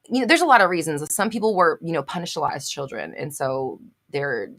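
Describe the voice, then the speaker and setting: A woman with a slightly low voice hosts a live question-and-answer stream. She reads out comments from viewers and answers them in a blunt, emphatic way, repeating her points and swearing freely. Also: lively intonation, a little fast, fairly bright tone.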